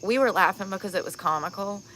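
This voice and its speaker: A tired, sunburnt woman films a casual storytelling vlog outside at night, speaking with blunt candor and frequent laughs. She talks fast in a mid-range, slightly bright voice, with a bit of background noise.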